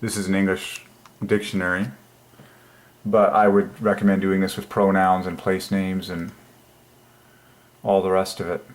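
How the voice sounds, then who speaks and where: A man hosting his own channel, musing aloud at his computer in an enthusiastic, halting way with many fillers. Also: low-pitched, level tone. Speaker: channel host. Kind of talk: religious numerology screen talk.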